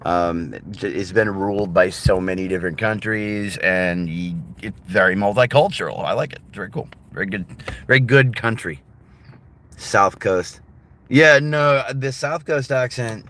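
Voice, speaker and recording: Bright-voiced rambling streamer. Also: male voice, lowish voice, measured pace. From United States. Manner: rambling, profane and laughing often. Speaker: livestreamer. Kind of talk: casual live-stream chat with viewers.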